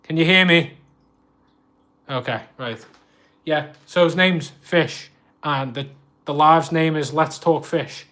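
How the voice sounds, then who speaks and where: A man's voice: on the high side, slow pace, pauses often, sharp tone. A man with a Scouse accent chatting casually on a fishkeeping live stream, laughing often and poking fun at himself. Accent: Liverpool (Scouse).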